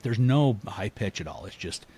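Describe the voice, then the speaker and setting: A man, a podcast guest, telling a story in a casual, animated way, laughing often and acting out what people said. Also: on the low side, normal speed, slightly rough. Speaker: podcast guest, elk hunter.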